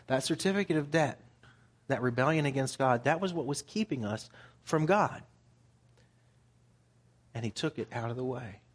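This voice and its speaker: A man's voice: mid-range voice, expressive, moderate pace, long pauses. A man preaching a sermon, reading scripture aloud and explaining it in plain, conversational terms.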